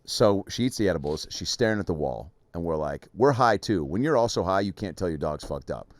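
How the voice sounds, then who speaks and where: A man hosting a podcast, telling stories in an animated, laughing way with some swearing. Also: low voice, brisk. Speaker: podcast host. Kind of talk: casual interview chat.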